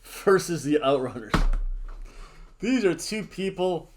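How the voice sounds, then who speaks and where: A man's voice: sits high, animated, takes it slowly, background noise. A man hosting a casual wrestling predictions chat, jokey and theatrical, hamming up wrestler introductions. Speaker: wrestling show host.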